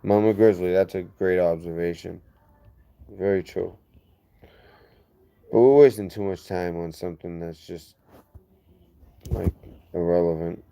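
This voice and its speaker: A low-pitched man with a gravelly edge talks casually to his livestream viewers, rambling through comments. His tone is dark and mellow, picking up speed when he gets heated. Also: measured pace, long pauses. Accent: lazy-sounding regional accent. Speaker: livestream host.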